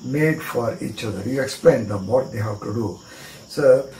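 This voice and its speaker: A man's voice: mid-range voice, normal speed, warm tone, roomy sound, slight background noise, rough recording. A man with an Indian English accent teaching a magic card trick, spelling words letter by letter and repeating short phrases.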